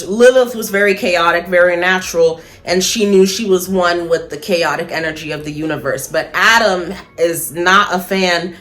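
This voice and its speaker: Blunt, chatty woman with a low voice. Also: a bit bright. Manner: blunt, chatty, swears freely, laughs at own points; slows down for emphasis. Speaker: spiritual vlogger. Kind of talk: casual opinion monologue.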